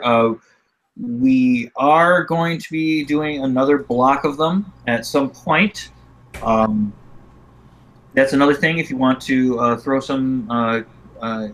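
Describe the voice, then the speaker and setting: A man hosting a casual live-stream show, talking in a halting way with many ums and uhs. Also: mid-range voice, a bit bright, poor audio. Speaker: host of a lightsaber school's live show.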